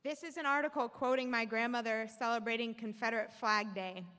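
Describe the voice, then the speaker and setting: A young Alabama policy analyst speaks briskly on stage in a large hall with an audience, her fairly high voice pushed, bright, and clean, with fairly even intonation. She's candid, shifting from joking to earnest, and the recording is echoey.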